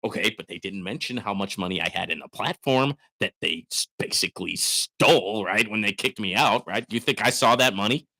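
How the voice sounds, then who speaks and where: A man runs a casual viewer question show in an animated, forceful voice that swings up and down in pitch. He keeps tagging his points with "right?" and breaks into loud hollering bursts. His tone is bright and pushing throughout. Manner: frequent "right?" tags. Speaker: host. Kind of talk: live Q and A chat.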